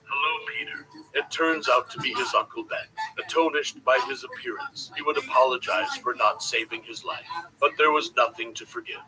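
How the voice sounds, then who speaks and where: A man narrating a short superhero story in an even, storybook recounting. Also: medium pitch, moderate pace, a crowd in the background, poor audio. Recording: clear background noise.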